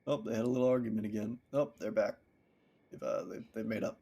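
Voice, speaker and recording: A man's voice: lowish voice, quick pace, gravelly, breathy edge. A man streaming a game live, casually thinking aloud and reading viewer messages back as he plays. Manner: rambling, thinks aloud and reads chat questions back. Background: loud game soundtrack music.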